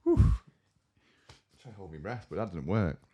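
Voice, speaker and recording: Low husky man telling a story. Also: moderate pace, muffled recording. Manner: animated storyteller, acts out other people's lines. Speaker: podcast co-host. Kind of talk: casual chat.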